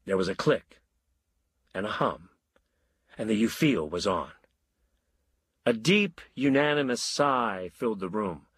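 A man narrating a story in a wry, measured way. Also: lowish voice, expressive, a bit bright, slightly rough, dry recording.

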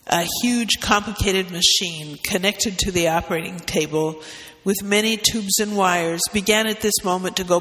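A man reading a story aloud as narrator, with steady, expressive narration. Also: high voice, moderate pace, in a large hall.

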